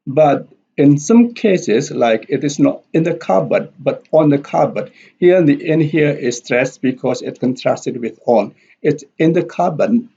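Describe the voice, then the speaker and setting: A man teaching a recorded language lesson, walking through examples on slides in a deliberate, repetitive way. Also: mid-range voice, creaky, a little mellow, breathy edge. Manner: slow, deliberate, repeating examples. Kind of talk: slide-based lecture. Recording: dull lo-fi audio.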